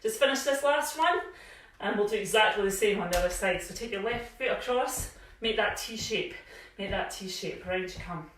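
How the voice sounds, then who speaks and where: A Scottish fitness instructor, slightly breathless as she works out alongside her live home class, stays chatty and encouraging and cues moves with frequent "yeah?". Her mid-range voice is expressive and fairly bright at a moderate pace, heard from a distance in a very echoey room with slight background noise.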